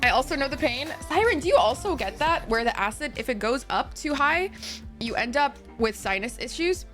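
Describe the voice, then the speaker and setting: A woman's voice: high-pitched, lively intonation, fairly quick, fairly bright tone, soft background music. A young woman streaming a game and chatting with viewers, bubbly and apologetic, swearing freely and sniffling from sinus trouble. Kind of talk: casual live-stream chat.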